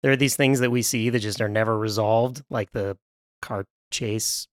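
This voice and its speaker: A man's voice: fairly low pitch, steady tone, normal speed, dry recording, studio quality. A man in a casual film review chat, rambling and restarting his sentences, often breaking into laughter. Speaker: film podcast panelist.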